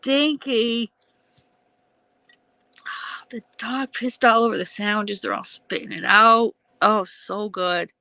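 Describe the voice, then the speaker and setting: A woman's voice: mid-range voice, measured pace, gravelly, sharp tone, dry recording, low-quality recording. A woman hosting a casual livestream, rambling between thoughts, laughing often and swearing freely. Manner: laughs often, swears, trails off mid-sentence. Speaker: livestream host.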